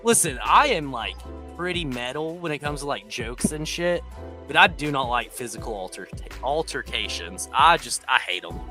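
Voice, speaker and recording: A man's voice: mid-range voice, sing-song, moderate pace, sharp tone, soft background music. A man co-hosting a live podcast, telling a rambling, profane story about a race weekend with lots of fillers. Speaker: podcast co-host. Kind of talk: casual race-weekend recap chat.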